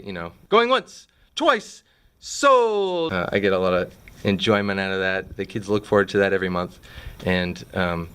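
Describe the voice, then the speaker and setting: A man with a low voice explains how things work in his fifth grade classroom. He talks easily and conversationally, scattering little fillers as he goes. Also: clean tone. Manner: relaxed, chatty, frequent fillers.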